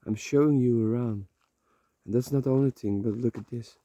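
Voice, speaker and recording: Brisk and dark-toned, this man's mid-range voice is recorded with no echo. He's a vlogger from the Netherlands walking outdoors on a slippery path, speaking into his phone in a rambling, heartfelt, emotional motivational monologue peppered with casual swearing.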